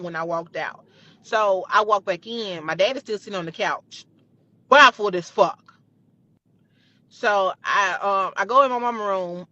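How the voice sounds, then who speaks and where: A woman telling a personal story in a casual, animated and blunt way, with plenty of swearing. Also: mid-range voice. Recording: dull, dry lo-fi clip.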